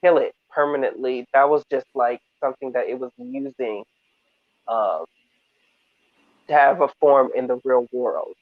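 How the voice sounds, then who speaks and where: Animated man on a tinny phone line. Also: mid-range voice, measured pace, dry recording. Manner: animated, hesitant with many fillers. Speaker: podcast co-host. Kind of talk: casual discussion.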